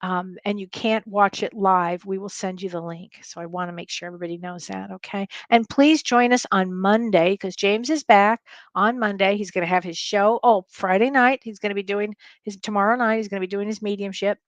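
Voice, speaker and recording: A middle-aged woman hosting a live-stream Q&A as a spiritual medium, reading viewer comments and reassuring them with warm repetition. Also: mid-range voice, fairly even intonation, brisk, no echo. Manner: warm, reassuring, repeats phrases for comfort.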